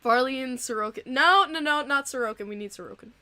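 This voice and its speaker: A young woman hosting a casual live-stream podcast, reading out chat donations, chatty and quick to laugh and get emotional. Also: a little high, pushed and bright, dry recording.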